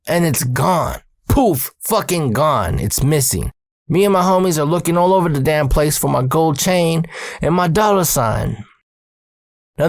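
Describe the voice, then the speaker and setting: Profane animated male storyteller. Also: a little high, no room sound, clean studio sound. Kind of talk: casual storytelling vlog.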